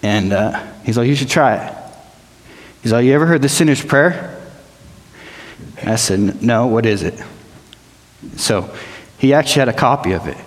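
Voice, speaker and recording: A man telling his personal testimony to a church gathering, plain-spoken and emotional, often halting and repeating himself. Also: medium pitch, animated. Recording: long hall reverb.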